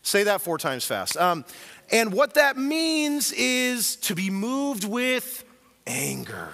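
A male pastor delivers an earnest, emphatic sermon in a fairly high, bright voice. He swings from hushed asides to forceful declarations as he tells the story. His voice rings out with the long reverb of a big sanctuary. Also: big pitch swings, takes it slowly, a little hiss or hum.

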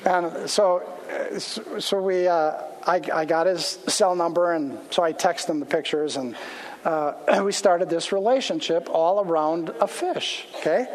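A man's voice: a little high, a little slow. A man, a pastor, telling a casual anecdote as part of a sermon in a church. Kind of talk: storytelling sermon. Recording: long hall reverb.

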